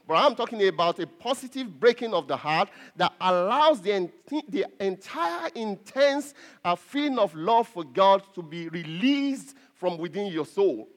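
A pastor preaching an earnest sermon to his congregation, repeating phrases and pausing on fillers. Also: high voice, fairly bright tone.

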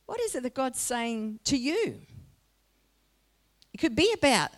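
A middle-aged woman preaching a sermon to a congregation, moving from personal storytelling to loud, emphatic exhortation. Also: high voice, big pitch swings, a little slow.

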